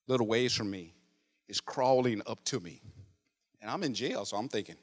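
A male preacher telling a story in a sermon, dropping to a hush, then rising to loud, animated exclamations. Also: mid-range voice, normal speed, gravelly. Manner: animated, swinging from hushed narration to loud exclamations.

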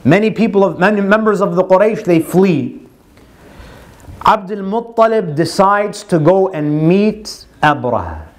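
A man with a notably high voice narrates a religious story as a lecture. He quotes Arabic lines and then explains them in translation, keeping a steady storytelling flow. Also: measured pace. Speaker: religious speaker.

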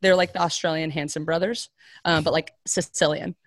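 A woman's voice: low-pitched, fairly quick, dry recording, studio quality. A young adult woman telling a personal story in conversation, chatty and full of "like" fillers, acting out the voices of the people she quotes. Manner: casual, heavy on "like" fillers, animated quoted voices.

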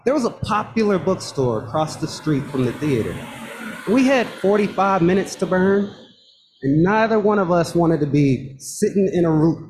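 A man recounts his own true story, his voice sitting a bit high and swinging widely up and down. He builds tension with pauses and drops in wry asides. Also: a little mellow, a little hiss or hum. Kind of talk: first-person true story narration.

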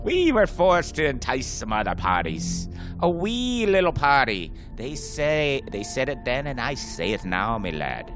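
A man voicing a blustery middle-aged underwater-base worker from Newcastle, with a loud, hearty, high put-on voice. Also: animated, very slow, long pauses, music in the background. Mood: grumbling.

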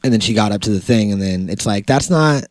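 A man co-hosting a podcast, chatting casually, joking and telling stories with quick laughs. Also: fairly low pitch, fairly even intonation, a little mellow, dry recording, studio quality. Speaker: podcast co-host. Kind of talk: casual chat.

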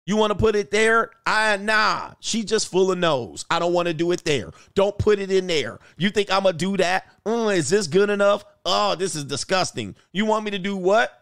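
A man's voice: high-pitched, expressive, normal speed, gravelly, few pauses, fairly bright tone, clean tone, dry recording, clean studio sound, voice pushed up, heavily acted. A man mimicking a disgusted wife who scornfully refuses her husband.

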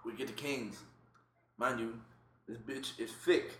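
A man telling a dating story to friends in a casual, profane, animated chat. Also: mid-range voice, unhurried, echoey room. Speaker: podcast co-host telling a story.

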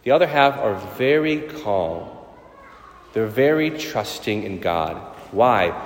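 A priest giving a sermon, animated, with sudden loud, high bursts of emphasis. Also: male voice, slow pace, a little hiss or hum. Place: church. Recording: echoey church with long reverb.

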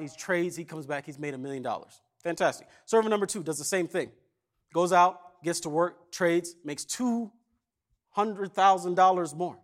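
A man preaching a sermon as pastor, retelling a parable in a casual conversational way and acting out the characters' lines. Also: high-pitched. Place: church.

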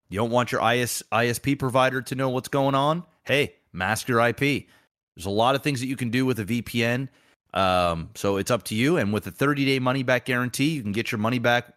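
A man's voice: medium pitch, a bit bright. A man hosting a podcast, reading an ad and chatting in a loose, crude, rambling way. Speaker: podcast host. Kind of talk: casual chat and sponsor read.

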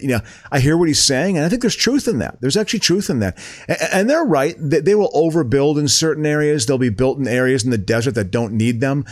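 Guy rambling n stuttering thru a rant, swears a lot, mid pitch. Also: quick pace. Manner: rambling, stammering restarts, swears, animated rants. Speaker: podcast co-host. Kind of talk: casual chat.

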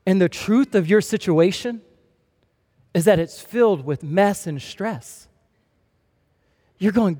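High-voiced young male preacher in a hall. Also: takes it slowly, pauses often. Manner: storytelling, animated and humorous. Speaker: pastor. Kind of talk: sermon. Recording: long reverb of a large hall.

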